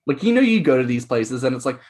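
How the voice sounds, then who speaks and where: A man co-hosting a podcast, telling stories in a playful, animated way with quick mock voices. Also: medium pitch. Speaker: podcast co-host. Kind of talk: casual chat.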